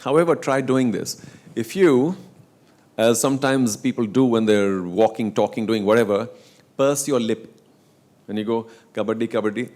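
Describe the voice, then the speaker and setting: A man's voice: mid-range voice, normal speed. A middle-aged man, telling stories in casual talk on stage and acting out quotes and chants. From India. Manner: animated storyteller, acts out quotes and chants. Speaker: guest speaker on sports leagues.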